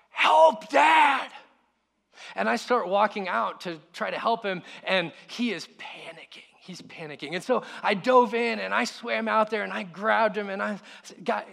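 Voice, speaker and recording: Pastor guy preaching, gravelly voice, kinda high for a man, gets real quiet on the big lines. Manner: earnest, repeats words, drops to a hushed voice on key lines. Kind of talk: sermon.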